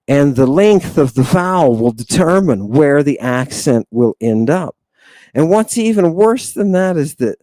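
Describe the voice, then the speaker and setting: A man's voice: mid-range voice, darkish tone, no echo. A man teaching a Greek class, theatrical and emphatic, stretching key words, often asking the room "right?" and sighing in exasperation. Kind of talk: classroom lecture.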